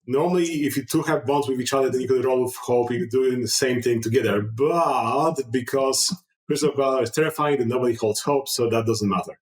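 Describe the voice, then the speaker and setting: A man running a tabletop game as game master, chatty and relaxed, with many fillers. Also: medium pitch, fairly quick, roomy sound, rough recording.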